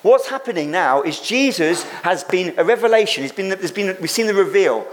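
A man's voice: high voice, animated, normal speed, hardly any pauses. A man preaching a sermon as pastor, speaking emphatically, repeating phrases for effect and acting out quoted lines.

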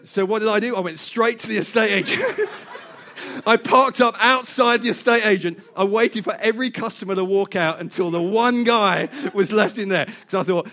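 A middle-aged man preaching, telling a personal story in an animated way, laughing often and repeating words. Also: high voice, moderate pace.

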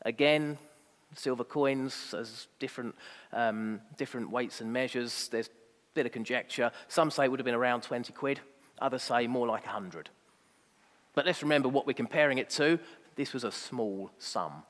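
A man's voice: medium pitch, normal speed, fairly bright tone, long reverb tail. A man preaching a sermon, emphatic and fond of rhetorical asides.

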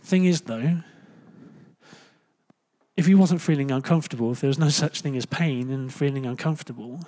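A young man preaching a relaxed, conversational sermon, chatty and joking, with lots of fillers and quick self-corrections. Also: mid-range voice. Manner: animated, jumps into loud playful asides.

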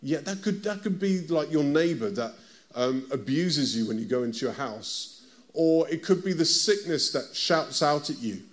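A man's voice: on the high side, animated, moderate pace. British man preaching in a chatty way. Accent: British English. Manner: conversational preaching, asks the listeners direct questions. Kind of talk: sermon.

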